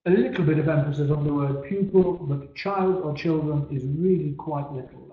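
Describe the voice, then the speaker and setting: A man's voice: fairly high pitch, mellow. A man giving a webinar presentation, stressing key words and letting phrase ends trail off, often repeating words as he restarts. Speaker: webinar speaker. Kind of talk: presentation talk. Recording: echoey, dull-sounding room recording.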